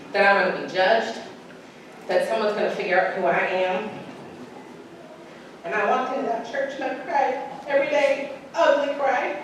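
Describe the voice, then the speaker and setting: A woman from Utah giving a casual, humorous farewell speech to a church gathering, animated and self-mocking, laughing often. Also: a little high. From Utah, United States. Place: church hall in front of a gathering. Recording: echoey hall, distant mic, faint hiss.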